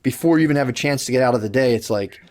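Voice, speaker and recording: A young man chatting on a podcast, rambling through long loose explanations. He restarts his sentences often, swears casually and keeps his pitch at an ordinary middle level. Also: rapid-fire, a little mellow. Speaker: podcast co-host. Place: podcast studio.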